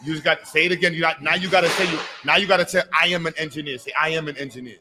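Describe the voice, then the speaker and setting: A man's voice: fairly high pitch, steady tone, racing, background noise. A man hosting a live expo, coaxing a child with playful, hype-filled encouragement. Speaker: event host. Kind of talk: energetic live event hosting.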